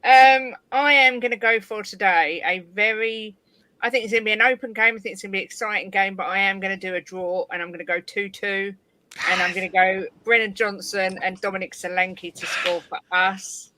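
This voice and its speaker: Brief: woman, tense bright voice, dry close sound, modest panelist. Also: mid-range voice, steady tone, a little fast, no echo, poor audio. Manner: modest, apologetic, laughs easily. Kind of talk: casual fan-show chat.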